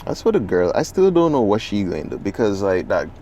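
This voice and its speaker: A man, co-hosting a podcast in casual chat, talking in an animated, profane, rambling way. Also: on the low side, brisk, a little hiss or hum. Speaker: podcast co-host.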